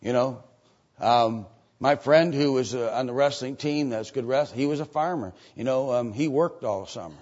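An older man preaching a sermon and reading scripture aloud. He moves between loud, emphatic preaching and quiet asides. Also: mid-range voice, normal speed. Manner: reads scripture aloud in old-fashioned wording. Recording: dull lo-fi sermon recording.

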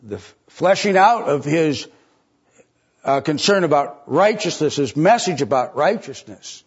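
Husky-voiced preacher man, conversational sermon. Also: animated, a little slow, highs cut off. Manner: conversational preaching with rhetorical questions, pitch rising sharply for emphasis. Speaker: pastor.

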